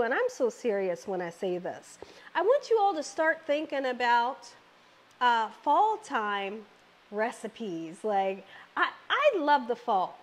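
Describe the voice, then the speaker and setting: A middle-aged woman hosting her home cooking channel, chatting exuberantly and speaking straight to her viewers. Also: a little high. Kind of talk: casual cooking vlog chat.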